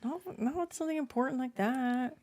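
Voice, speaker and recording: A woman's voice: sits high, brisk. A middle-aged woman co-hosting a podcast, telling a family story in casual chat and acting out the quoted voices. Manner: animated, acts out quoted dialogue, swears casually. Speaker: podcast co-host.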